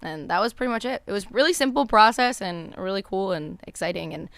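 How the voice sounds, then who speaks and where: A young woman chatting as a podcast guest, telling stories in an animated, lively way. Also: medium pitch, brisk, creaky, no echo. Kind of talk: casual podcast chat.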